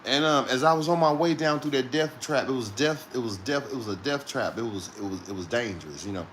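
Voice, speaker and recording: A man's voice: medium pitch, fast talker, a bit bright, a little hiss or hum. A man who drives trucks, telling a rambling story in casual talk, swearing often and laughing between lines.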